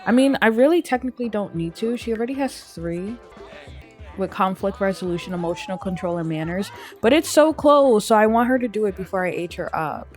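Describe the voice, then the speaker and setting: A woman's voice: medium pitch, fairly quick, a little mellow. Gameplay narrator, young woman, chatty, plays out her characters' thoughts, faint music under the voice. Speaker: gameplay streamer. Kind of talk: casual let's-play commentary.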